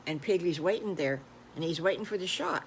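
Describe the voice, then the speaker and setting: An older woman, a grandmother, improvising a children's story in a gentle, folksy, unhurried way. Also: fairly low pitch, expressive, slight background noise, rough recording.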